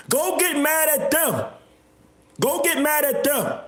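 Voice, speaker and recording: High-voiced man ranting on a livestream. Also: big pitch swings, slow. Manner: repetitive, confrontational, bursts of shouting. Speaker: livestream host. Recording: echoey room.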